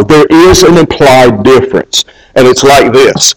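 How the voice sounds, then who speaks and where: A male pastor delivers a Sunday sermon in an earnest, steady way. His voice sits at an ordinary middle pitch. He often stumbles into restarts and repeats a word before going on. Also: unhurried, low-quality recording.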